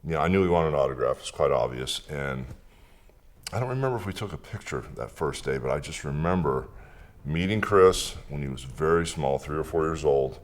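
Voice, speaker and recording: An older man in a documentary interview who reminisces in a relaxed, unhurried way. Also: extremely low pitch. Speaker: interviewee, wrestler.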